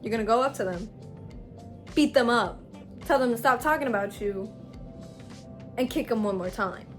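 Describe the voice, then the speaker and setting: A woman's voice: on the high side, normal speed, soft background music, natural voice. Woman doing a bossy older brother. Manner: commanding, step-by-step instructions.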